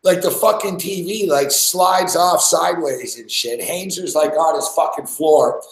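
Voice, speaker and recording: A man's voice: a little high, unhurried. A young man from Montreal, hosting a podcast and telling a rambling, profane story full of "like" and laughter. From Montreal, Canada. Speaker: podcast host. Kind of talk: casual storytelling chat. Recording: echoey room.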